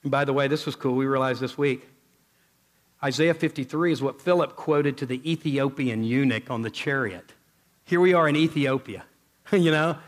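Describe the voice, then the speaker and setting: A man preaching a sermon, emphatic, moving from loud exclaiming to low, intense passages as he quotes scripture and retells stories. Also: moderate pace.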